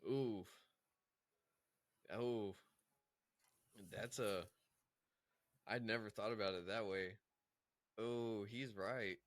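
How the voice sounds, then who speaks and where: A man's voice: lowish voice, steady tone, drawn-out words, long pauses, no echo. A man hosting a recovery podcast, talking in a reflective, casual way with many fillers. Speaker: podcast host. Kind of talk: casual supportive chat.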